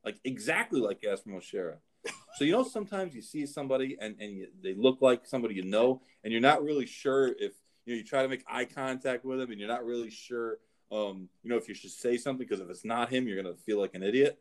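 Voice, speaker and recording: Talking fast in a medium-pitched voice, a middle-aged man who hosts a show and trains horses chats casually. His anecdotes ramble, and he often starts over.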